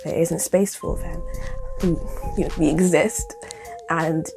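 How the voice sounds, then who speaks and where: A woman cosplayer urging others to join in, warm and emphatic. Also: lowish voice, steady tone, slow pace, creaky, over music. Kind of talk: encouraging message.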